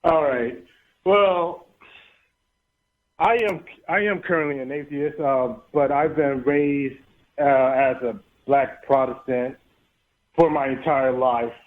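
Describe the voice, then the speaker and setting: A man in his thirties calling in to a show, speaking haltingly with many restarts and fillers. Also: medium pitch, steady tone. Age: 30s. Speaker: caller. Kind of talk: call-in chat. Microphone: phone. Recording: tinny phone line.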